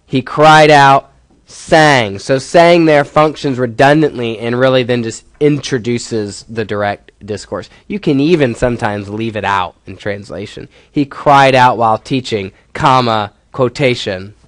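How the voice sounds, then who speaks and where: A man's voice: medium pitch, moderate pace, hardly any pauses, no echo. A male professor giving a classroom lecture, explaining step by step and putting questions to his students.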